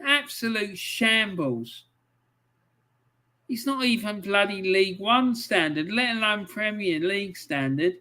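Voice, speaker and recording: Guy live streaming footy commentary, slow-talking, bright sharp voice, loses it and swears a lot. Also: sits high. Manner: frustrated, swears often, angry outbursts between calm play-by-play.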